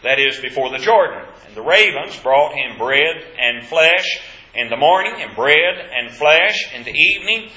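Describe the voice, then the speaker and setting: A man's voice: fairly high pitch, expressive, normal speed, pushed and bright. A man teaching a Bible class, asking questions of the group and stressing key points with emphasis. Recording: echoey, dull room recording.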